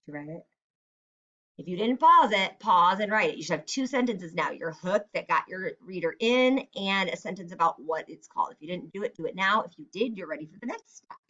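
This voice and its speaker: A woman's voice: fairly low pitch, lively intonation, brisk, bright, forceful tone, muffled recording. Woman teacher guiding kids step by step. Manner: step-by-step, encouraging, acts out example lines. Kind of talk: recorded writing lesson for kids.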